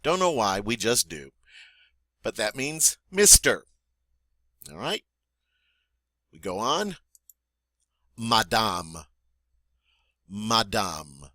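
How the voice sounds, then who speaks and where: A man teaching a French vocabulary lesson, saying each word clearly and patiently, then asking the learner to repeat it. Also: fairly low pitch, very animated, drawn-out words, pauses often, pushed and bright, no room sound. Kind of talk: spoken language lesson.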